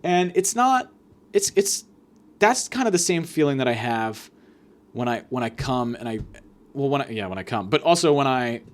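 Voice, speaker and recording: A man hosting a comic solo podcast rant, profane and sarcastic, swinging between loud mock-angry jabs and muttered asides. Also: medium pitch, very animated, normal speed. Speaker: podcast host.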